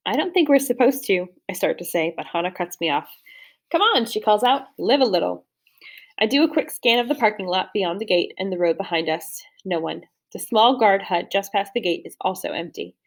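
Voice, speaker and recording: Woman reading a novel aloud. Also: fairly low pitch. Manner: steady storytelling read, with slips and restarts. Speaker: audiobook reader. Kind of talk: first-person novel narration.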